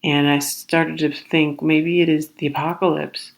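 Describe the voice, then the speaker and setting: Animated woman telling a story. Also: low-pitched, measured pace, creaky. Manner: animated, acts out the other people in her story; exasperated, rambling retelling. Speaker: podcast host. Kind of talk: comedic storytelling monologue.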